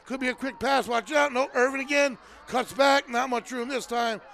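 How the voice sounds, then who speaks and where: High, gravelly-voiced male announcer. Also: normal speed, few pauses, a little hiss or hum. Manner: excitable, often shouting over plays. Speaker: play-by-play announcer. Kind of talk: live sports commentary.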